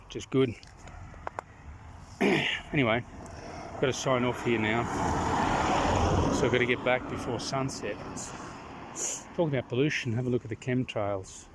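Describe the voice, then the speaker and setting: A man recording a casual outdoor vlog, rambling and opinionated, often clearing his throat. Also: mid-range voice, steady tone, moderate pace, long pauses, noisy background. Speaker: vlogger. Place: outdoors in the countryside.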